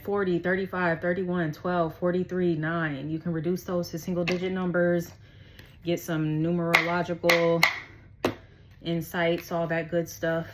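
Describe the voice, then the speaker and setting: A woman's voice: mid-range voice, a little hiss or hum, low-quality recording. A woman giving a casual tarot reading, chatty, slangy and profane, laughing often. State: out of breath. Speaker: tarot reader.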